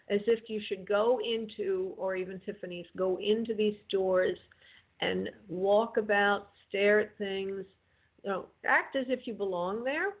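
Gravelly woman medium on a phone line. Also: medium pitch. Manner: affectionate, calls callers honey and darling. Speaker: spirit medium host of a call-in radio show. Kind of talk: call-in reading, relaying messages.

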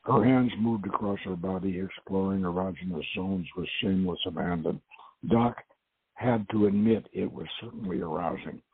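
Husky man reading a novel on radio. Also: low voice. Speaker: radio host reading his own novel. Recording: dry phone-like radio sound.

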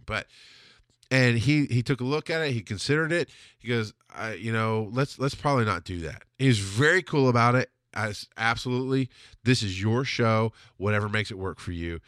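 A man's voice: medium pitch, expressive, quick pace, sharp tone, no room sound, clean studio sound. A middle-aged man hosting a podcast, telling stories in a rambling, self-correcting way. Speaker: podcast host. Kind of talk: casual solo storytelling.

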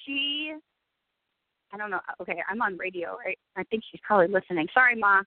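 A woman's voice: mid-range voice, animated, fairly quick, no room sound. A woman in her forties, a radio guest, speaking candidly and emotionally and swearing freely. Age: 40s. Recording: tinny phone-like dry sound.

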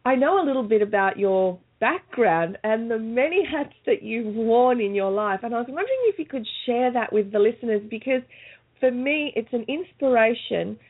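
A woman's voice: a little high, expressive, normal speed. A woman hosting an interview, asking long questions and praising her guest. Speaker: host. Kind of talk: casual interview chat. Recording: tinny phone line.

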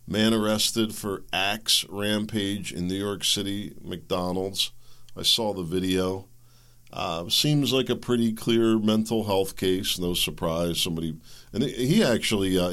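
A man with a fairly low voice hosts his own solo commentary show. He rants with heat, repeats words and breaks off his own sentences. Now and then he mocks the other side with sarcasm. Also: a bit bright. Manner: heated ranting with repeated words and self-interruptions; sarcastic, mimics opponents. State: coughing. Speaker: show host.

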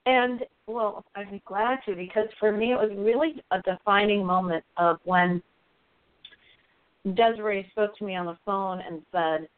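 A woman guest on a radio show, telling a personal story in an earnest, halting way with many fillers. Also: mid-range voice, fairly even intonation, dry recording. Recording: thin phone line, dry.

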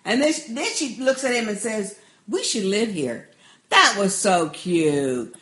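A woman co-hosting a podcast in casual chat about a TV episode, quick to agree and chiming in with short replies. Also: medium pitch, animated, a bit bright. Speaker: podcast co-host.

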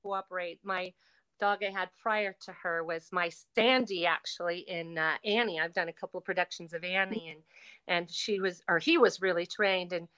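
Female guest, bright, clear voice, reflective, loops back on her own words. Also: lowish voice, steady tone, normal speed. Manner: reflective, repeats words, frequent restarts. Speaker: guest performer. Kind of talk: casual interview chat.

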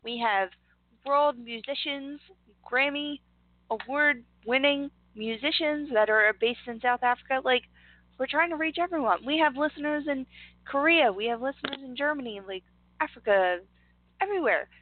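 A woman's voice: high-pitched, normal speed, no echo, narrow, tinny audio. A woman from Northeast Philadelphia with a Philly accent, co-hosting a radio show in candid, easy chat. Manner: candid, laughs easily. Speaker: radio co-host. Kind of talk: casual chat.

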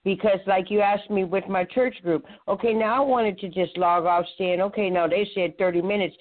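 Halting woman calling in on a phone line. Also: medium pitch, steady tone. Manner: halting, restarts sentences often. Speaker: caller and co-host. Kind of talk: casual talk show chat. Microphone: phone call.

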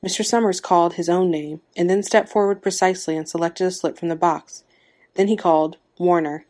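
A woman narrating a story aloud in a measured, expressive storytelling manner. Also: on the low side. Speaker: story reader.

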